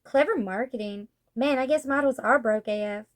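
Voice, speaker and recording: A woman's voice: on the high side, moderate pace. A woman hosting a casual comic book review, chatty and rambling, with lots of fillers. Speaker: book reviewer, channel host.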